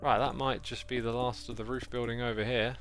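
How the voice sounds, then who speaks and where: A man's voice: medium pitch, little pitch movement, a little fast, fairly bright tone, soft background music. A man with a British accent chatting casually and playfully on a game livestream, joking along with the chat he reads out. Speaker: game streamer.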